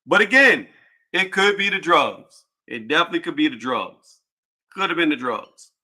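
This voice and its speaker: A man hosting a casual boxing livestream panel, joking loudly and cursing, with frequent laughs and trash talk. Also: fairly high pitch, very animated, moderate pace.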